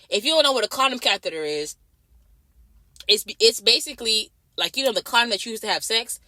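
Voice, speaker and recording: A young woman nurse rants fast in a vlog, blunt and full of swearing. Her voice is bright and sharp, and she repeats lines over and over. The sound is dry and close. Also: on the high side, expressive, no room sound. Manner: blunt, repetitive, heavy swearing. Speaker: night-shift nurse. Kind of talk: profane ranting vlog.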